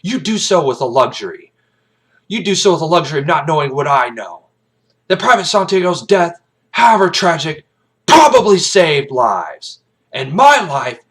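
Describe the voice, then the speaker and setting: A man playing a hardened older Marine colonel who lectures with pride and scorn and builds to shouting. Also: on the high side, voice pushed up. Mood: stern.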